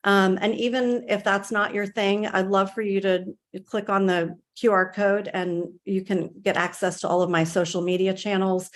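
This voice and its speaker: A woman speaker closing her talk, halting with many fillers. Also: mid-range voice, flat delivery. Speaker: summit speaker. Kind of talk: closing remarks.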